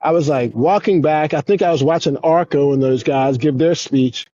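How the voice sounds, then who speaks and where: A man chatting as a podcast guest, telling excited stories with lots of swearing. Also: normal speed, no echo, dull audio. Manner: excited storyteller, swears a lot, animated swings in pitch. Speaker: podcast guest, former pro skateboarder. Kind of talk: casual interview chat.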